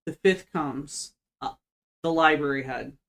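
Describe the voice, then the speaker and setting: A middle-aged woman co-hosting a podcast, telling a story about herself in a lively, self-mocking way and acting out what she said back then. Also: low voice, measured pace. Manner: animated, self-mocking, acts out her own past lines. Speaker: podcast co-host. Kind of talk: casual storytelling chat.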